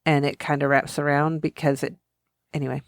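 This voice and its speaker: A woman's voice: low voice, level tone, brisk, dry recording, clean studio sound. A woman co-hosting a podcast, rambling through fun facts in a chatty, giggly way. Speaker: podcast co-host. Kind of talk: casual chat.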